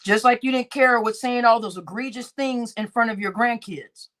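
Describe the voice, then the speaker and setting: Her voice a little high and fairly bright, a woman runs a livestream reaction show at a normal speaking speed. She comments casually with indignation and mockery, echoing lines back through laughter.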